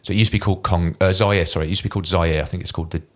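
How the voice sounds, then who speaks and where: Deep fast-talking ex-Marine. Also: male voice. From Kent, England. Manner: animated anecdote teller, mimics voices in quoted lines. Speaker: guest, former Royal Marine. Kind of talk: casual storytelling interview.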